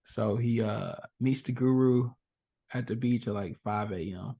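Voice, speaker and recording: A man's voice: unhurried, breathy edge. A young man from Chicago's South Side, a podcast guest, telling a story casually and acting out the characters' voices. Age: young adult. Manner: animated, acts out voices in his stories with big pitch jumps.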